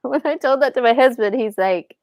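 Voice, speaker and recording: Animated storytelling woman, dry sound. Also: brisk, no echo. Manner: animated, acts out quoted dialogue in higher voices. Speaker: podcast guest, author and speaker. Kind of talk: casual storytelling.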